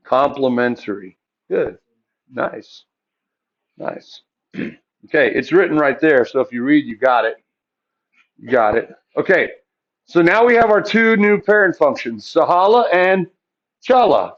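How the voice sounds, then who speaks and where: A man's voice: on the high side, dull audio. A male math teacher lecturing a classroom, asking the students questions and answering them himself.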